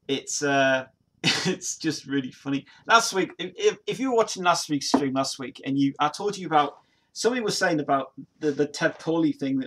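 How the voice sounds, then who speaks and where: A gravelly, rambling East Midlands man of about forty-something from Nottingham hosts a livestream, casually reading viewer comments. His voice is medium in pitch and fairly bright, and his talk is full of restarts, fillers and frequent laughter.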